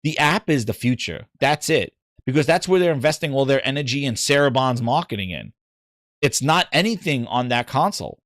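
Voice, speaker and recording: A man hosting a gaming podcast, ranting in casual chat, animated and exasperated, rambling with frequent restarts. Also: medium pitch, fairly quick, no echo, clean studio sound.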